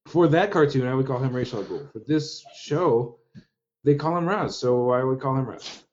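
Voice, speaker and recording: A man's voice: medium pitch, normal speed, a little mellow, a little hiss or hum. A man co-hosting a podcast in casual chat, who rambles and corrects himself as he goes. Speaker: podcast co-host. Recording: slightly muffled podcast mic.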